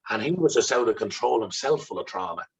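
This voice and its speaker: A man's voice: mid-range voice, expressive, fast, slightly rough, highs cut off. An Irish man, a guest in an interview, tells a personal story with intensity, swearing freely and acting out remembered dialogue. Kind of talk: candid conversational storytelling.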